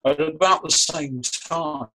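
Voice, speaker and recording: A man's voice: fairly high pitch, slow, sharp tone, poor audio. A man, a magician and breathwork coach, explaining his practice in a thoughtful interview over a video call, often restarting his phrases. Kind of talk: relaxed explanatory interview talk. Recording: remote call audio.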